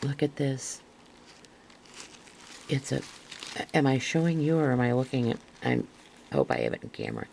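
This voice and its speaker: An older woman with a gravelly voice, a craft vlogger chatting to camera as she unpacks a parcel, gushing and rambling with restarts, sometimes dropping to a near-whisper. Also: rumbling low, wildly swooping pitch, normal speed, long pauses, darkish tone, slight background noise, low-quality recording. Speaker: craft vlogger showing a haul. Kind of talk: casual show-and-tell to camera.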